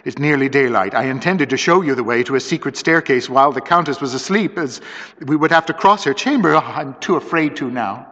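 A man's voice: mid-range voice, brisk, fairly bright tone, in a large hall, lo-fi sound, close to an everyday voice. A man reading a story voices a timid young woman who speaks fearfully. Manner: fearful, anxious.

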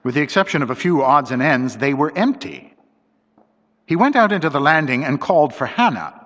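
A man reading a story aloud as an audiobook narrator, in a steady, deliberate storytelling manner. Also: on the high side. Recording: dull lo-fi recording with long reverb.

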